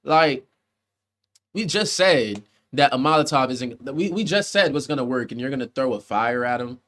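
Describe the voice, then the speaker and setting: A man's voice: mid-range voice, animated, fairly quick, a bit bright. Casual, profane male movie reviewer. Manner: rambling, profane, conversational, with frequent restarts.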